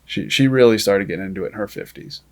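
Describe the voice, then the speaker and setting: Podcast guest, man, lowish voice, animated yarn-spinner who acts out dialogue. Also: fast talker. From Maine. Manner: lively storyteller who acts out quoted dialogue. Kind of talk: casual storytelling.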